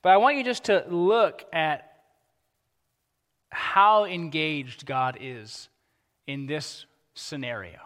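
A man preaching a sermon as pastor, animated and acting out the characters he quotes. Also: fairly high pitch, slow pace, pauses often, long reverb tail.

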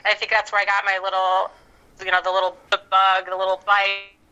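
A woman, an actress, chatting as a podcast guest in a relaxed, easygoing way with plenty of fillers. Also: mid-range voice, fairly quick, muffled recording. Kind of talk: casual interview chat.

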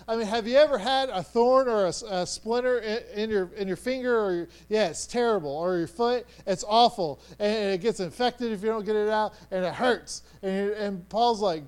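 High-voiced preacher, chatty and halting. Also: male voice, smooth. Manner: conversational, stammering restarts, swings from hushed to loud. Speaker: pastor. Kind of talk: sermon.

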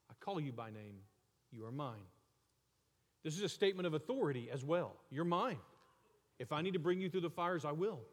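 A man preaching a sermon as pastor, talking in a loose conversational way that jumps from lively stretches to quiet, soft asides. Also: high voice, long reverb tail.

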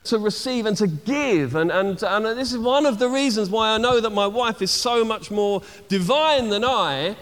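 A man preaching a conversational sermon, full of fillers and restarts, slowing down to stress key words. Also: sits high, lively intonation, a bit bright. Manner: conversational, many fillers and restarts, slows for emphasis. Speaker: pastor. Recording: long hall reverb.

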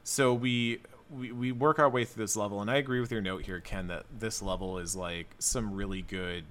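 A man hosting a casual podcast, recapping a video game in a relaxed, rambling way with lots of fillers. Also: lowish voice, moderate pace. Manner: relaxed, thinking aloud with many fillers.

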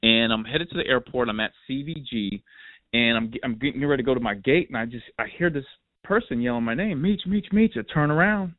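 A man hosting a podcast, telling stories in a lively, animated, casual way. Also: medium pitch, a little fast, no room sound. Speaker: podcast host. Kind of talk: casual storytelling chat. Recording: tinny phone line, dry.

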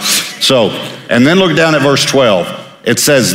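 Pastor from Texas, male, mid-pitched, emphatic conversational sermon delivery, recorded with long hall reverb. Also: moderate pace, fairly bright tone. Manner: emphatic, conversational preaching with repeated words.

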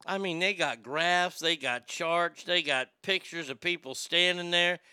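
A man's voice: on the high side, unhurried, bright, forceful tone, clear, resonant tone, no room sound. A man giving a sarcastic, profane comedy rant about a news story and reading chat aloud.

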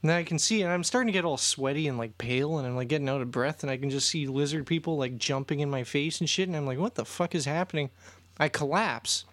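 A young man co-hosting a comedy podcast, telling a rambling, profane story in a deadpan way amid crude banter. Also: on the high side, fast. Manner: rambling, profane, deadpan parody of a movie plot. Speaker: podcast co-host.

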